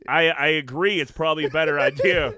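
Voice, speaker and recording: A man's voice: fairly high pitch, a little fast, pushed and bright, a little hiss or hum. A male radio co-host making wry, bemused remarks in a casual chat.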